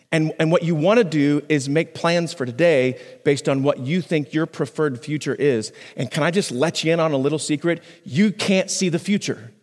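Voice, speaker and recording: A somewhat high-voiced man preaches a sermon into a microphone, talking like he's chatting with the congregation. He restarts phrases and pushes his pitch up and down to stress points. His voice rings out with the long reverb of a big church sanctuary. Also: a little mellow. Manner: conversational preaching with restarts, pitch swinging high and low for emphasis. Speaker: pastor.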